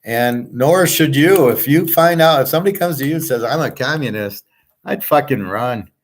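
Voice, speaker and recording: A man's voice: medium pitch, lively intonation, normal speed. A man from the United States hosting a casual monologue, blunt and profane as he rants. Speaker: podcast host.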